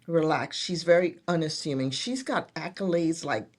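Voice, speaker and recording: A woman's voice: deep voice, normal speed. A middle-aged woman, a guest in a casual interview, telling her story earnestly with many restarts. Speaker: guest, nurse executive.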